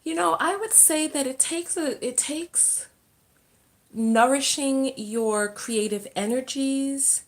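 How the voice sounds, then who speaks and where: Speaking slowly in a high-pitched voice, a woman hosts an informal livestream Q&A as a self-love and relationships coach. She reads what viewers write and answers in the moment, often leaving sentences unfinished and starting them anew.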